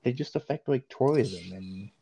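A man's voice: mid-range voice, lively intonation, normal speed, vocal fry, mellow, slightly rough. A man co-hosting a podcast, chatting in a laid-back, easygoing way with lots of laughing banter. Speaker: podcast co-host. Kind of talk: casual podcast chat.

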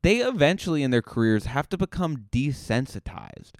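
A man's voice: mid-range voice, very animated, normal speed, dry recording, clean studio sound. A man from Cape Cod hosting a podcast, rambling through a joking, self-deprecating monologue. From Cape Cod, Massachusetts. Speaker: podcast host. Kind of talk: comedic monologue.

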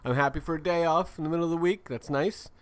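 A young adult man co-hosting a podcast in casual banter, with dry, deadpan quips. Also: on the high side, quick pace. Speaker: podcast co-host.

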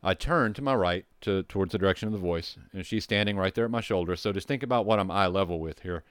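A man's voice: sits low, fast, a bit bright, smooth, no echo, clean studio sound. A man telling a rambling, profane story from his firefighting job, with restarts and asides. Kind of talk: casual storytelling.

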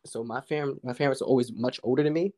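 A man, a guest poet, telling a story in a relaxed, candid way with slang and the odd swear word. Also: medium pitch, quick pace. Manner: relaxed, candid, uses street slang and profanity. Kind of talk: casual conversational storytelling.

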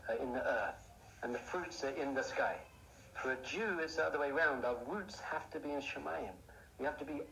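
A man giving a lively Torah class, asking rhetorical questions and building up to excited outbursts. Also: on the high side, gravelly. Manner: animated, rhetorical questions, bursts into excited shouting. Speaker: Jewish teacher. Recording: echoey room, faint noise.

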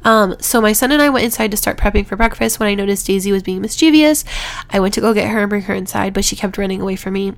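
A woman's voice: mid-range voice, fast talker, vocal fry. Chatty congested young woman vlogging. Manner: chatty, rambling, laughs between words. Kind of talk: casual storytime vlog.

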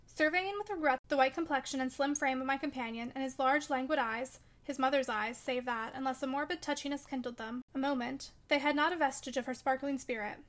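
A woman narrating a classic novel as an audiobook, with clear, steady storytelling. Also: high voice, a little fast, hardly any pauses. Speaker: audiobook reader.

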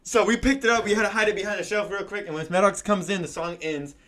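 Young guy with a kinda high voice, telling a wild school story, swears a lot, says bro every other line. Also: steady tone, fast talker, fairly bright tone. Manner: slangy and profane, often says bro, laughs while telling a story. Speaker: storyteller in a casual conversation. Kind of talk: casual chat.

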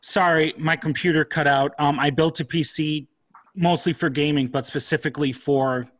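A man's voice: fairly high pitch, fairly even intonation, normal speed, a bit bright, a little hiss or hum. Young guy hosting a podcast, swears a lot, rants, laptop mic. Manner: profane, ranting. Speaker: podcast host. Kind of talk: casual podcast chat.

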